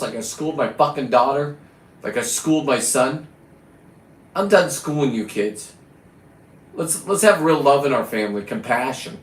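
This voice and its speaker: A man's voice: medium pitch, normal speed, pauses often. Middle-aged male vlogger, crude and boastful, mid-range voice, roomy echo. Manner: profane, boastful and rambling. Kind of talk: rambling casual monologue. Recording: echoey room.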